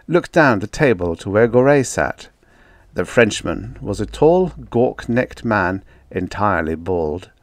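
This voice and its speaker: A man reading a science fiction story aloud as an audiobook narrator, in a steady, descriptive manner. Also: on the low side, no room sound, studio quality. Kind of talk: scripted narration.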